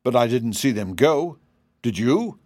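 A man's voice: medium pitch, sing-song, unhurried, darkish tone, no room sound, studio quality. Fussy little old storybook wizard, a man putting him on, raised and anxious.

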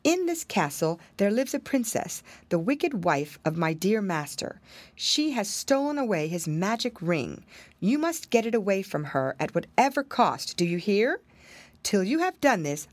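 Clever loyal she-cat, earnest, firm, lively lilt, storybook, woman doing it. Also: medium pitch, a little slow, no room sound.

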